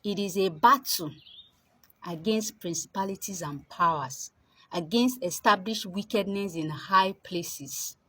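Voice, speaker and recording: A woman's voice: medium pitch, measured pace, pushed and bright, husky, poor audio. A woman giving earnest, urgent political commentary and rallying her listeners.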